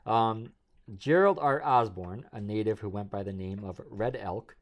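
A man's voice: fairly low pitch, moderate pace. A man co-hosting a podcast, telling a strange story in casual chat and laughing often. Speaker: podcast co-host.

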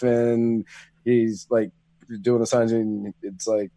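A man co-hosting a casual talk show, chatting with animated, indignant asides. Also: on the low side, a little slow. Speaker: co-host. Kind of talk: casual political chat.

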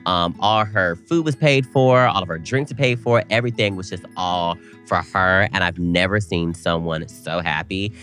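A young man co-hosting a podcast, telling a story in animated casual chat and quoting people in big voices. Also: low-pitched, normal speed, hardly any pauses, faint music behind. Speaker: podcast co-host.

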